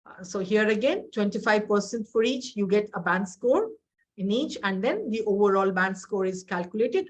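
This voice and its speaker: A woman's voice: mid-range voice, expressive, moderate pace. A middle-aged woman with an Indian accent, teaching an English exam webinar in a direct, instructive way and often asking rhetorical questions. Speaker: IELTS trainer.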